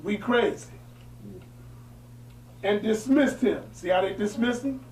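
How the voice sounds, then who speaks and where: A man's voice: high-pitched, takes it slowly, a little mellow. A man teaching in a religious setting. He reads a historical text aloud and breaks into emphatic, colloquial preaching asides. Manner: switches from formal reading to emphatic colloquial asides. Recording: echoey room, distant mic.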